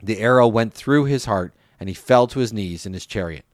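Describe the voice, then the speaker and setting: A man with a somewhat low voice reads a Bible passage aloud in an even, steady way. The sound is close and dry, with no room around it. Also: brisk, no room sound. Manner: steady reading, lifts voice for quoted speech. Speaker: scripture reader.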